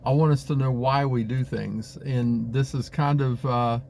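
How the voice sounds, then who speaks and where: A man's voice: medium pitch, fairly even intonation, a little slow, vocal fry, darkish tone, slight background noise. A man who leads a congregation, teaching a Bible study in a conversational way with frequent fillers and restarts. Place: Pennsylvania.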